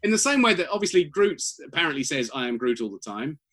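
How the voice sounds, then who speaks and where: British guy talking fast, slightly high voice, keeps restarting his sentences. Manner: animated, many restarts and repeated words. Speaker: guest writer. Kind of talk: casual interview chat.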